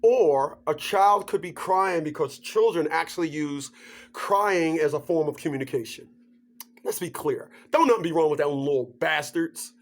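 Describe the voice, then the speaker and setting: A man vlogger ranting to camera in a joking, animated way, laughing through his points. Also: on the high side, moderate pace. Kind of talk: comedic rant to camera.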